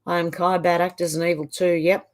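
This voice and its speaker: A woman's voice: on the low side, little pitch movement, fairly quick. Middle-aged aussie woman reading out her live chat, chatty, trails off and restarts a lot. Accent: Australian. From Australia. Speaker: livestream host.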